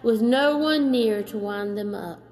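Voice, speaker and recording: A woman's voice: on the high side, a little slow, darkish tone, close to an everyday voice. A woman voicing a silly, fretful old male owl in a storybook read-aloud, exclaiming in a raised put-on voice. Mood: sad.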